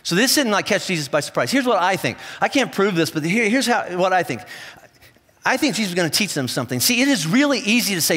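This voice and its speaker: A male pastor delivers a sermon in a high, bright voice. He tells the story with humor and jumps into quick acted-out voices. A long reverb from the large church hall hangs behind every word. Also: breathy edge. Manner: animated storytelling with playful asides and acted-out voices.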